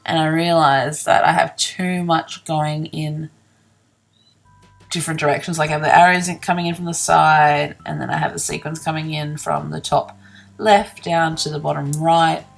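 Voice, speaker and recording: Low, gravelly-voiced woman, sleepy. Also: level tone, moderate pace. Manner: chatty, self-deprecating, laughs often, yawning. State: sleepy, yawning. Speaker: scrapbooking vlogger. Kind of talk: casual voice-over narrating a craft process.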